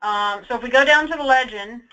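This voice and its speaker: A woman's voice: on the high side, brisk, bright, forceful tone, low-quality recording. A woman teaching a webinar while walking through reports on her screen, chatty and emphatic, often checking in with "okay?". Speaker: data trainer. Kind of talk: webinar screen-share walkthrough. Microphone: computer mic for online webinar.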